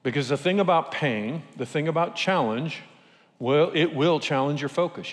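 A pastor preaching a sermon, telling stories and asking rhetorical questions. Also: male voice, a little high, moderate pace, big-room sound. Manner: lively storytelling with rhetorical questions.

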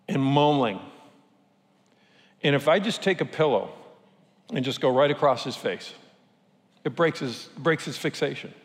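A man's voice: medium pitch, slight background noise. Man preaching in a reverberant hall. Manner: lively storytelling with rhetorical questions. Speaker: pastor. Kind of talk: sermon.

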